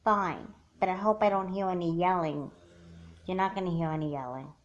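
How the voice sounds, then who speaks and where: A woman's voice: lowish voice, steady tone, normal speed, muffled recording, natural voice. A woman voicing a protective older sister in a doll movie, firm and scolding.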